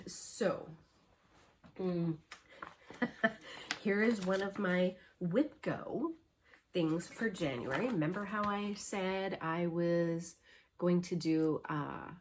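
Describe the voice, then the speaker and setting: A middle-aged woman chatting casually as a cross-stitch vlogger, her voice sitting on the low side. She rambles through stories with plenty of ums and restarts. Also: slow pace, slight background noise. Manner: rambling, chatty storytelling with many fillers. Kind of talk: casual chat.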